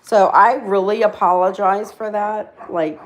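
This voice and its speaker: A woman's voice: mid-range voice, steady tone, a little slow. Chatty, laughing woman livestreaming. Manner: chatty, self-deprecating, laughs often. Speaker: livestream host. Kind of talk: casual livestream chat with viewers.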